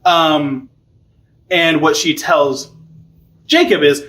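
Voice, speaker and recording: A man's voice: fairly high pitch, animated, normal speed, a bit bright, reverberant. A young man teaching a catechism class in a chatty, informal way, full of fillers and light laughter. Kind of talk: casual teaching.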